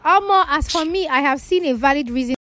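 Nigerian woman, radio co-host, high voice, teasing banter, Pidgin mixed in. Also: lively intonation, brisk, fairly bright tone, dry recording, studio quality. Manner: laughing, teasing, mixes in Pidgin. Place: radio studio.

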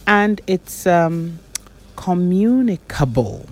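A woman's voice: a bass voice, a little slow, darkish tone. A woman, a diction and public speaking coach giving corrective feedback on debaters' pronunciation.

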